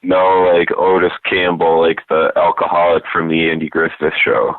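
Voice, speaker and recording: A man calling in to a talk show in casual chat, low-key and hesitant. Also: flat delivery, moderate pace, no echo. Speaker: caller. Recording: dry, phone-like radio sound.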